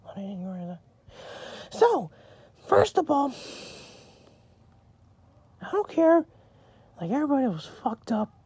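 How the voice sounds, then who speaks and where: A woman with a very high, swooping voice rants nonstop, crude and insulting, swearing at every turn. She rambles and trips over her own filler words, her pitch jumping all over the place. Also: sing-song, slow pace, pauses often, a little mellow, husky, no echo. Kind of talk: profane ranting monologue.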